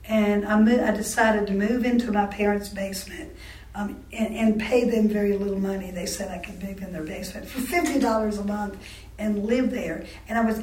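A woman's voice: medium pitch, darkish tone. Older woman telling her story in a roomy echo. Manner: halting, full of restarts and self-corrections. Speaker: interviewee recalling her life. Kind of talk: oral history storytelling. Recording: roomy sound from a distant mic.

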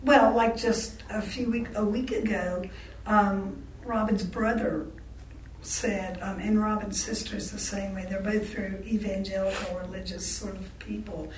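A woman's voice: medium pitch, fairly even intonation, measured pace. A blunt, outspoken woman recounting her family life as an interviewee in an oral history. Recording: roomy echo, distant mic, faint background noise.

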